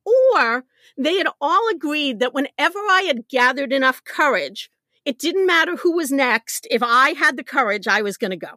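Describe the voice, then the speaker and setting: A middle-aged woman, a podcast guest, telling a story with real animation and a habit of laughing at herself. Her voice sits high and swings widely in pitch. The recording is close and dry, with almost no room sound. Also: normal speed, dry recording. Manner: animated, laughs often, self-deprecating. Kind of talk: conversational storytelling.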